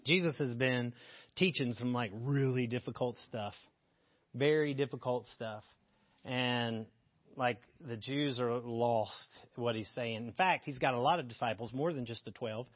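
A man's voice: medium pitch, a little slow, no echo, lo-fi sound. A man teaching a Bible passage in a casual, candid way, joking as he reads and explains scripture. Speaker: preacher.

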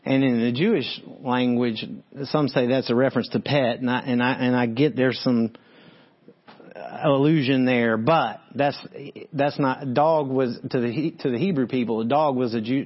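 A man's voice: mid-range voice, moderate pace. A man preaching a sermon, reading Bible verses and talking straight to his listeners. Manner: animated, talks straight to listeners, reads verses then comments. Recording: dull lo-fi sound.

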